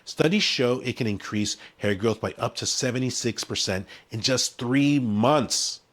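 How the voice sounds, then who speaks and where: A man's voice: medium pitch, measured pace, a bit bright. A man, a hair-care brand founder, giving a punchy, conversational direct-to-camera explainer with stressed key words.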